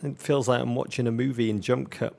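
A man co-hosts a podcast, delivering florid comic riffs with a deadpan touch. His voice is deeply gravelly and full of fry. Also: brisk. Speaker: podcast co-host. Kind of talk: casual banter.

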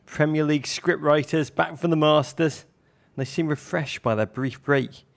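Gravelly man with deadpan humour. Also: a little high, moderate pace. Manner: wry, deadpan jokes. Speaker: podcast co-host. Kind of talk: casual football chat.

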